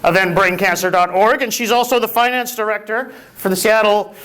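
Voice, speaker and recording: A man with a strikingly high voice works the room as emcee at a luncheon. He teases and chats with the crowd in a loose, playful way. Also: fairly even intonation, fairly quick, pushed and bright. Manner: playful, teasing, chatty with the audience. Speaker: event emcee. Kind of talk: lively crowd work at a luncheon.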